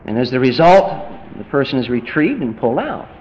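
A man preaching a sermon, animated and rising to emphatic peaks as he drives his points home. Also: mid-range voice, fairly quick, dull audio.

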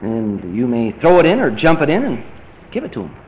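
A man preaching a sermon, animated and rising to emphatic peaks as he drives his points home. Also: mid-range voice, brisk, highs cut off, a little hiss or hum.

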